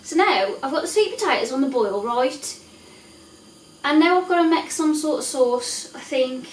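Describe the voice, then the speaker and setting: High, chatty woman cooking at home. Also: expressive, normal speed. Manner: chatty, self-mocking, swears casually. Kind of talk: casual cooking vlog chat. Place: home kitchen with boiling pots. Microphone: camera set back across the kitchen. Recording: echoey kitchen from a distance.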